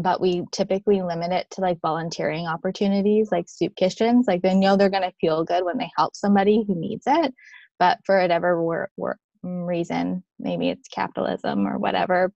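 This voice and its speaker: A woman life coach talking as a podcast guest over a video call, in a relaxed manner. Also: fairly low pitch, vocal fry, no room sound, dull audio. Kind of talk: casual interview chat.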